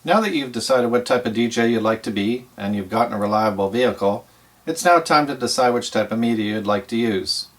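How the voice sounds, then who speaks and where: A middle-aged man, a professional DJ, explaining the trade in a plain, steady teaching voice with frequent pauses. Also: mid-range voice. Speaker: professional DJ and instructor. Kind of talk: instructional explanation.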